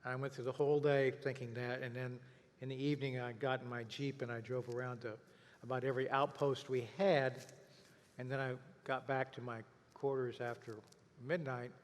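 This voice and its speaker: An older male historian asking questions and sharing memories in a halting way, often trailing off with fillers. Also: mid-range voice, little pitch movement. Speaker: historian, interviewer. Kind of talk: interview conversation. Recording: long reverb of a hall.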